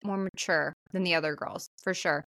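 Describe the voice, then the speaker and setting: A woman's voice: on the low side, fairly even intonation, normal speed, a bit bright, no room sound. Woman podcast co-host, casual chatty recap voice, very dry close sound. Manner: chatty, many fillers, swearing. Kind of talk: casual movie recap chat.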